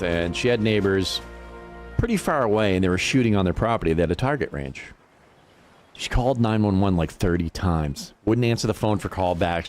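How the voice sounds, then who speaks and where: This livestreamer's voice is low-pitched, with slight background noise behind it. He's casually chatting while streaming a game, telling stories loosely, swearing, and laughing often.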